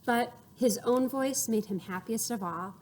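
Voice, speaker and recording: A woman reading a picture book aloud to children, expressive and playful, acting out sound effects and inviting her young listeners to join in. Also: on the high side, measured pace, a little hiss or hum. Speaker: storyteller for children.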